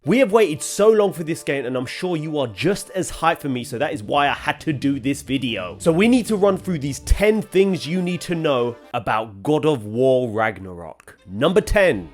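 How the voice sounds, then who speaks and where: A man's voice: on the high side, lively intonation, normal speed, few pauses, faint music behind. A man hosting a gaming channel, narrating a list video voice-over as an eager, chatty fan.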